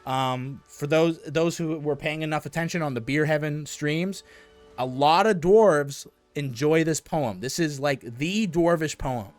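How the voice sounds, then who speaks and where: A man casually commentating his own gameplay on a stream, excitable, swearing and reading game text aloud. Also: on the high side, unhurried, no echo, faint music behind.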